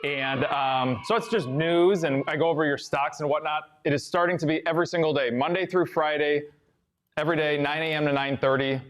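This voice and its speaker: A man's voice: on the high side, a little fast, a bit bright. A man who hosts a morning stock show, talking casually as a guest on a live stream.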